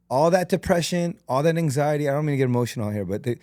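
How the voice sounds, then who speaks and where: Earnest man with a slightly high voice. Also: quick pace, no room sound, studio quality. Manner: earnest, animated storytelling. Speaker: podcast guest, entrepreneur. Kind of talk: emotional, candid conversation.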